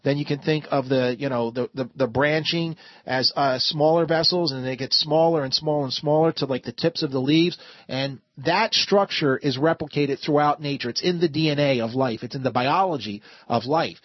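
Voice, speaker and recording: A man hosting a call-in talk radio show, earnest and quick to cut callers off. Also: on the high side, no room sound, highs cut off. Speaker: guest radio show host.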